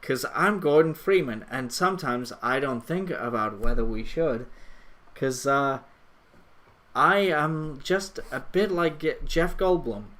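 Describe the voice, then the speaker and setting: A man putting on a nerdy, high-pitched male hero who rambles and stammers in a comic impression. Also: expressive, a bit bright. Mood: rambling. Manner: halting, stammering, repeats words. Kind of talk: comic impression on a live stream.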